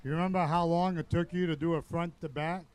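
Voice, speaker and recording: A man's voice: on the high side, steady tone, fast talker, smooth. A man co-commentating a live sports event, hyping the crowd and teasing his partner in banter.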